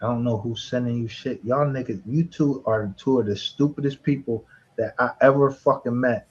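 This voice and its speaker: A man's voice: mid-range voice, moderate pace, slightly rough, dull audio. A man hosting a livestream, arguing heatedly, swearing and mocking with bursts of laughter.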